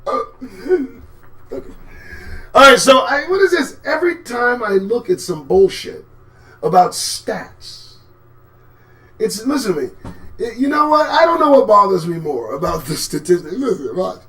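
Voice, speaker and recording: A man hosting a live commentary show, talking in a sarcastic, profane way and swinging from low mutters to sudden shouts. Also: very animated, measured pace, pauses often. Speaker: host.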